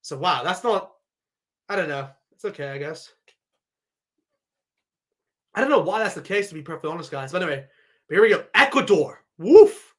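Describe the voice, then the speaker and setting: A man giving a live reaction to a sports draw, excitable and thinking aloud as he keeps addressing his viewers. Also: on the high side, fairly quick, long pauses. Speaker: sports vlogger.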